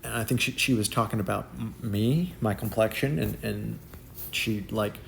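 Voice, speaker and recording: A man's voice: fairly low pitch, moderate pace, creaky, slight background noise. A young man telling wild personal stories in a casual, slangy monologue. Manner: slangy, animated, acts out quotes in shifting voices. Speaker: content creator telling life stories.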